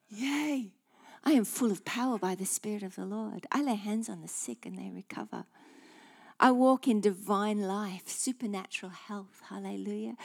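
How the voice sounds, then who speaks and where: A woman preaching a sermon in an emphatic, declarative way, dropping now and then to hushed asides. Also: medium pitch, gravelly.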